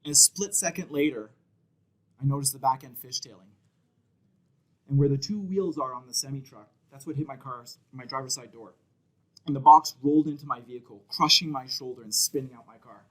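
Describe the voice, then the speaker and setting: On stage, a man from Canada in his 30s brings a personal story to life, voicing its characters and shouting the children's lines. His mid-range delivery is brisk, and the recording is rough.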